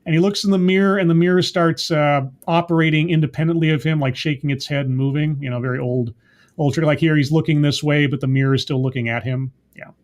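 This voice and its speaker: A man casually recapping a TV episode in a chatty, rambling way, often stopping to correct himself with quick asides. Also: on the high side, steady tone. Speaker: TV episode reviewer.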